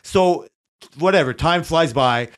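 A man's voice: on the high side, unhurried. A man co-hosting a podcast, telling a work story in a casual, profane way, acting out his coworkers' lines. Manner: swears often, animated retelling with voices for coworkers. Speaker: podcast co-host.

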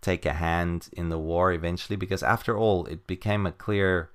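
A man with a very low voice talks through a story in loose, easygoing chat. He rambles with plenty of fillers and little chuckles along the way. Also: steady tone, moderate pace. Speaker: comic book podcast co-host. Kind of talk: casual chat.

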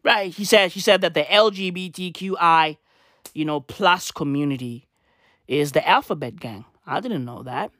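A man's voice: on the high side, moderate pace, a bit bright, no room sound. A man in a profane, rambling comedic rant who repeats his phrases and swears constantly. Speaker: vlogger.

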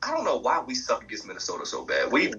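A man co-hosting a sports podcast, talking in an animated, emphatic, trash-talking way. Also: fairly low pitch, fast talker, husky, muffled recording. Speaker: podcast co-host. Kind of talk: casual sports chat.

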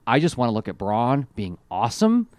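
A man's voice: mid-range voice, very animated, fairly quick, darkish tone, dry recording. Enthusiastic rambling man, dry close mic. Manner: enthusiastic, rambling, many fillers. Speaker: podcast co-host. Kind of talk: casual chat reviewing a cartoon.

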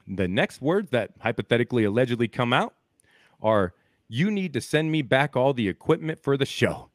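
A man's voice: medium pitch, very animated, moderate pace, dry recording, clean studio sound. A man from the Midwest co-hosting a podcast, rambling through a hypothetical story and swinging from muttered asides to heated outbursts. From American Midwest. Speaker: podcast co-host. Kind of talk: casual podcast chat.

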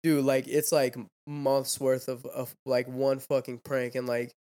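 Young dude on a podcast, rambly and cussing, says dude and like nonstop. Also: male voice, medium pitch, completely flat delivery, unhurried, mellow. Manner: rambling, profane, fillers "dude" and "like". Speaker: podcast host. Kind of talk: casual chat.

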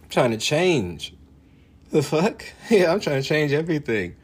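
A man's voice: on the high side, very animated, unhurried, husky. A man ranting casually for laughs, boastful and profane, laughing often. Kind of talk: casual comedic rant.

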